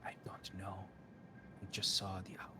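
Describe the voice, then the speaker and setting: A man doing a hushed, cryptic cat-folk cleric. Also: low voice, completely flat delivery, normal speed, in a whisper, pitched below the performer's own voice, lightly acted. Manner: hushed, breathy, ominous. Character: cryptic, intense tabaxi cleric woman.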